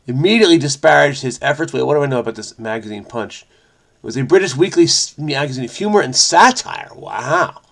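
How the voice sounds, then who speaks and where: A man's voice: medium pitch, expressive, brisk, vocal fry, a bit bright. A man hosting a crossword video, chatting in a frenetic, rambling way and often interrupting himself. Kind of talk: casual solo commentary.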